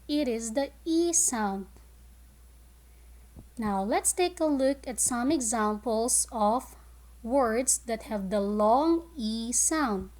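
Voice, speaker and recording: Slow, high-voiced woman teaching phonics. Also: lively intonation, darkish tone. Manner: slow, clear teacher talk with drawn-out sounds. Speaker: kindergarten teacher. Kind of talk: online phonics lesson.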